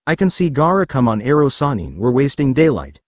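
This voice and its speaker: Man reading as a brash, whiny teen boy ninja, lively pitch, dry recording. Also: a little fast, dry recording. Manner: loud, whiny, impatient. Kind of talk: fan fiction read aloud.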